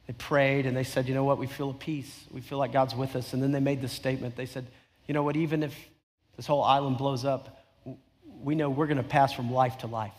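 A man's voice: medium pitch, level tone, brisk. A middle-aged man preaching a sermon, telling a story in a conversational way with emphatic repetition. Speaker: pastor. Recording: long hall reverb.

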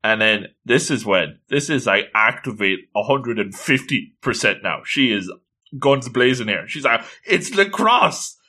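A man's voice: lowish voice, measured pace, pushed and bright. A man casually recapping a story with playful, jokey asides.

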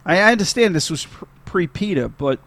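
A man in a casual movie chat, emphatic and profane, quick to agree and jump in. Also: sits high, lively intonation, fairly bright tone, no echo.

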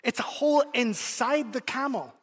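A man's voice: very high-pitched, animated, moderate pace, fairly bright tone, husky, big-room sound, pitched above the performer's own voice, heavily acted. A preacher voicing his seven-year-old son as an earnest boy eagerly telling a secret. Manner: eager, insistent, correcting.

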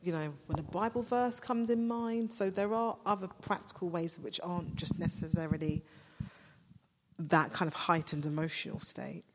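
A woman's voice: fairly low pitch, normal speed, noisy background. A woman speaking as a podcast guest in a casual talk about faith, searching for words and breaking off her sentences. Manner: searching, self-interrupting, animated when amused. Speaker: podcast guest, ministry leader. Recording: long reverb.

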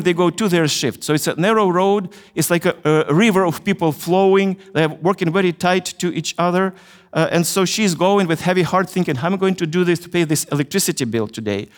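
A middle-aged man with a Ukrainian accent delivers a chapel sermon as a personal story. He speaks earnestly, in a fairly high voice, and pauses often to search for words. His voice rings out with the long reverb of a large hall. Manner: earnest storytelling with frequent hesitations. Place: university chapel.

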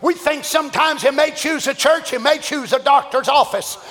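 A man preaching a fervent, shouted revival sermon, chanting repeated praises. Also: very high-pitched, normal speed. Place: church. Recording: long church reverb with congregation.

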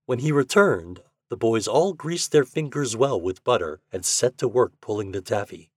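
At a moderate pace and in a mid-range voice, a man hosts a podcast where he reads a children's story and performs the characters with expression. There's no room sound; it's studio quality.

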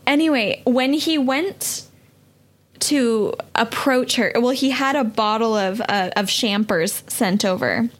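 A woman's voice: a little high, slow. A woman guest on a podcast, retelling a scene in a rambling, casual way with many fillers. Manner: rambling, apologetic, lots of fillers.

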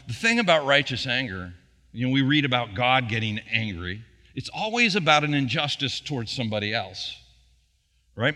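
Middle-aged male pastor, bright tense tone, conversational sermon, long church reverb. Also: mid-range voice. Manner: conversational preaching with rhetorical questions.

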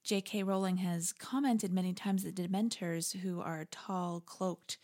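A woman hosting a reflective faith podcast, talking in a conversational, wry way with animated asides. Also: on the low side, a little slow. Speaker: podcast host. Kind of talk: reflective spoken commentary.

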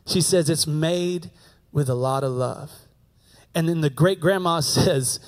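A man's voice: on the high side, unhurried. An American man preaching a sermon, telling a story in a conversational way and repeating his key phrases. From United States. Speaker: pastor.

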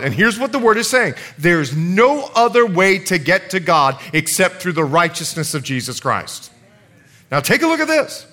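Lively high-voiced male pastor preaching. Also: normal speed. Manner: animated, asks the congregation questions. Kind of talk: sermon.

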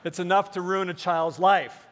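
Pastor, man, fifties, high-pitched, emphatic preaching with rhetorical questions, long church reverb. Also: fairly even intonation, normal speed. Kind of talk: sermon. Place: large church sanctuary.

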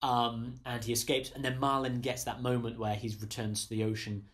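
A man's voice: mid-range voice, little pitch movement, brisk, a bit bright. A man co-hosting a casual film chat, agreeable and recapping the plot steadily. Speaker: podcast co-host.

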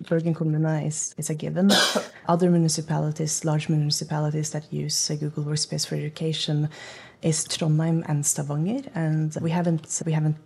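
Norwegian woman, privacy expert guest, husky low voice, thoughtful explainer. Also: mellow. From Norway. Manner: thoughtful, hesitant restarts, explanatory. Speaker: privacy project lead, guest. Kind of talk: interview over call.

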